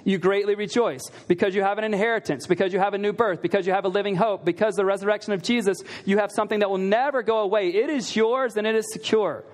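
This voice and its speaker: A man's voice: high-pitched, fairly even intonation, fast talker, hardly any pauses. A man preaching a sermon in a conversational way, asking the listeners rhetorical questions and repeating key lines for emphasis. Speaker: pastor.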